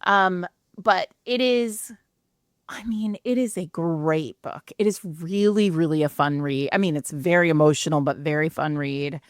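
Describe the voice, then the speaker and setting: A woman co-hosting a book podcast, excitedly retelling a romance novel in casual chat with lots of filler words. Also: sits low, unhurried, no echo, clean studio sound. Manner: animated storytelling, many filler likes. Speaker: podcast co-host.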